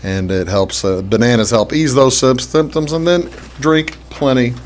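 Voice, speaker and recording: A man hosting a casual talk show, chatting in a halting way with many fillers and restarts. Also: mid-range voice. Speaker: host. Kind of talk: casual radio-style talk show chat.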